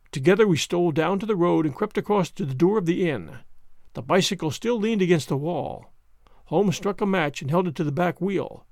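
A man reading a story aloud in an expressive, dramatic way. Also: sits high, vocal fry, no room sound, studio quality. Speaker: narrator.

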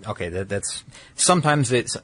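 A man's voice: lowish voice, very animated, moderate pace, a bit bright. A man explaining a technology in casual conversation, rambling and correcting himself with many fillers.

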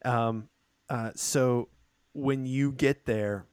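A man narrating as game master of a tabletop role-playing game, chatty, laughing and giving the side characters quick voices. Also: medium pitch, fairly even intonation, a little mellow, smooth, dry recording, studio quality.

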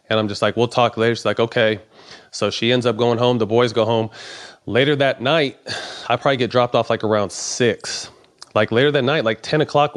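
A middle-aged man casually telling a long personal story, swearing often and acting out the dialogue. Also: medium pitch. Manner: profane, animated storytelling with quoted dialogue. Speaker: podcast guest.

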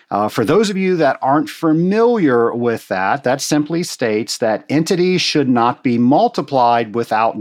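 A man talks through a technical problem in a relaxed, folksy teaching manner, explaining each step plainly and calling his listeners folks. His voice sits at an ordinary middle pitch for a man. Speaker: water treatment instructor answering a listener question. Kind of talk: casual instructional talk. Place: Atlanta.

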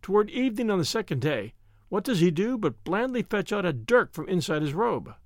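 A man's voice: sits high, sing-song, fairly quick, dry recording, clean studio sound. A man narrating an audiobook with wry, dryly humorous storytelling. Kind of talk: scripted narration.

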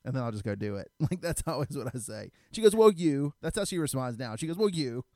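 A man talking as a podcast guest in a blunt, animated casual chat, laughing often. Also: medium pitch, fast, no echo, clean studio sound.

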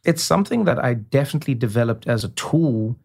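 Man, comedian guest, animated storyteller, does impressions. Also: mid-range voice, fast talker, gravelly, breathy edge. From South Africa. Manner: animated storyteller, slips into imitations. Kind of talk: casual interview chat.

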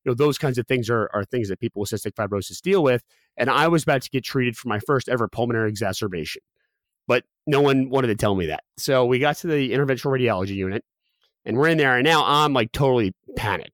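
A man in his thirties, a podcast guest, telling a personal story quickly with many restarts and fillers. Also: mid-range voice, animated, fairly bright tone, dry recording. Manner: rapid, with frequent restarts and fillers.

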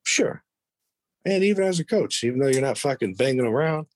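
As a guest on a podcast, a middle-aged man tells casual, foul-mouthed, blunt stories from his past, growing animated when he quotes someone. He talks briskly at medium pitch with no echo.

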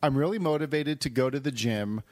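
A man co-hosting a casual podcast chat, relaxed and wry, telling stories. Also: mid-range voice, a little fast, no room sound. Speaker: podcast co-host.

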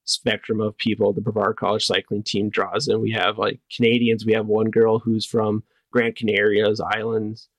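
A young man from northern Wisconsin, a cyclist, answering interview questions in a relaxed way with lots of "like". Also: lowish voice, moderate pace, hardly any pauses, no room sound. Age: young adult. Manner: relaxed, many "like" fillers. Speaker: cyclist guest.

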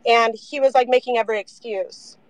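A young woman telling her story in a casual interview, animated, saying "like" a lot and swearing freely. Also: fairly high pitch, fairly quick, no echo, poor audio.

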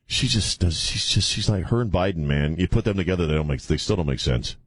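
A man's voice: sits low, lively intonation, fast, breathy edge, no room sound. A man hosting call-in talk radio from a studio, with mocking, irreverent banter and frequent laughs. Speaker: radio talk show host. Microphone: studio microphone.

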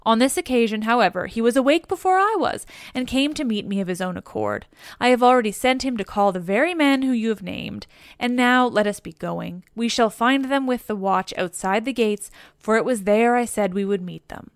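A woman's voice: on the high side, normal speed, clean tone, dry recording, studio quality, lightly acted. A woman reading an anxious warrior king. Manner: anxious, formal old-fashioned speech. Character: troubled male warrior king, anxious commander.

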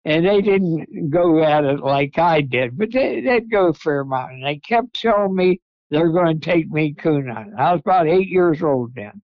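An older man tells long, rambling stories in a folksy way. His voice sits a little high. The sound is dry and somewhat muffled, with a lo-fi quality. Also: animated, normal speed, no echo. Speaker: guest. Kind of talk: storytelling interview.

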